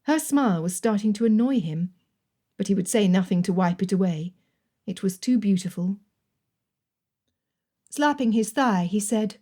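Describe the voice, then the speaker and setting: A woman narrating a romance audiobook in a measured, even storytelling manner. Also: mid-range voice. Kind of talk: scripted narration.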